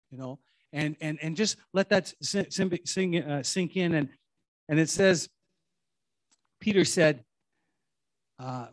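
A man's voice: fairly high pitch, normal speed, long pauses, no echo, clean studio sound. A middle-aged man preaching a sermon in a rambling, conversational way, full of restarts and asides. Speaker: pastor.

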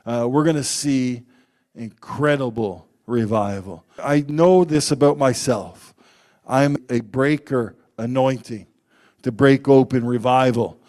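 A man preaching a sermon, telling personal stories in an animated way and acting out the quotes loudly. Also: medium pitch, slow.

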